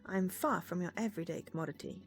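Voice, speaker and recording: A woman's voice: lowish voice, fast talker, husky, faint music behind. A woman voicing a cocky male private detective in his thirties, putting on a Scottish accent while reading a visual novel. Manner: confident, self-assured boasting.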